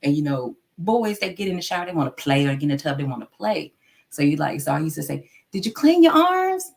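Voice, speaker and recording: A woman's voice: sits low, fast, vocal fry, a little mellow. A woman telling frank, blunt stories in casual chat, full of "you know" fillers.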